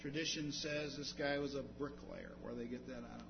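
A man preaching a sermon, moving from quiet explanation to loud, emphatic declarations. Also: mid-range voice, a little fast, gravelly. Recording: dull lo-fi sound with faint hum.

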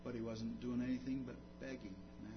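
A man preaching a sermon, moving from quiet explanation to loud, emphatic declarations. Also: medium pitch, flat delivery, brisk. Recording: dull lo-fi sound with faint hum.

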